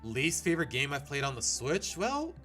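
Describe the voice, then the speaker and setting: A man's voice: a little high, wildly swooping pitch, normal speed, sharp tone. A man commentating casually while streaming a game, chatty and rambling with restarts. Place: home. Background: game music.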